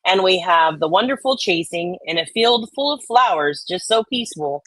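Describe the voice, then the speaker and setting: A woman's voice: lowish voice, expressive, moderate pace, fairly bright tone, dry recording, poor audio. A woman hosting a casual livestream, reading online comments aloud in a laid-back way. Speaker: host.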